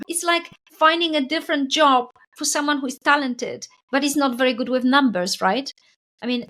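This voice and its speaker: A woman's voice: high-pitched, fairly bright tone. A middle-aged woman, a spiritual coach who is a guest on a podcast, telling stories animatedly and often adding a questioning "right?". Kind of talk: podcast conversation.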